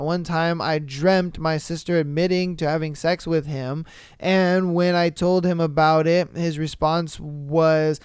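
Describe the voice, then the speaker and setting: A man's voice: on the high side, little pitch movement, a little slow, clean tone, dry recording, studio quality. A man hosting a podcast who reads a listener's story aloud, then comments on it bluntly and animatedly, swearing casually. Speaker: podcast host.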